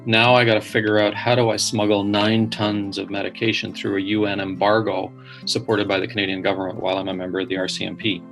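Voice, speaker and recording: Man, low gravelly voice, animated earnest guest storyteller. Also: fast talker, soft background music. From Northern Ireland. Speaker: podcast guest. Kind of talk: storytelling interview.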